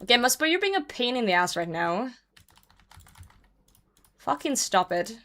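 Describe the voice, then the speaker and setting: A woman's voice: a little high, sing-song, moderate pace, fairly bright tone. A young woman streamer chatting casually while she plays, swearing and laughing often. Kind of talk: casual chat while gaming.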